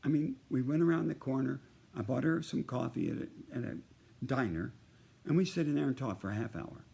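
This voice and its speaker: A man's voice: medium pitch, lively intonation, a little fast, creaky, dark tone, breathy edge. An older man telling a rambling personal anecdote to one listener in a casual birthday message, jumping from one story to the next. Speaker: performer sending a birthday message.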